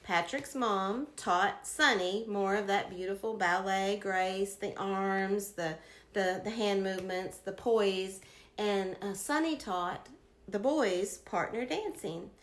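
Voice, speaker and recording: A woman's voice: medium pitch, takes it slowly, fairly bright tone. A woman in her fifties tells a personal story in a reflective, emphatic way, drawing a life lesson from her past. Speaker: speaker sharing life lessons. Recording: roomy echo.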